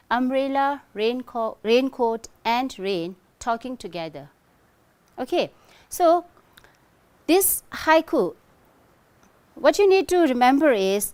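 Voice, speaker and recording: A woman's voice: fairly high pitch, clear, resonant tone. A middle-aged woman teaching an English lesson, explaining step by step and checking in often with "okay?" and "right?". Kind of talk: recorded online lesson.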